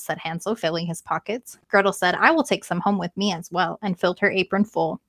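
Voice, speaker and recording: A woman's voice: lowish voice, fairly even intonation, fairly quick, a bit bright, no echo, clean studio sound. A woman co-hosting a podcast, reading a fairy tale aloud and breaking off to joke and comment on it. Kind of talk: casual read-aloud with banter.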